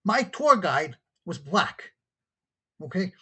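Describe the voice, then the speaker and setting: A man from New York with a New York accent, hosting an opinionated podcast monologue, animated and incredulous as he acts out both sides of an argument. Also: high-pitched, slow pace, husky. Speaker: podcast host. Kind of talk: opinionated monologue, retelling a call-in exchange.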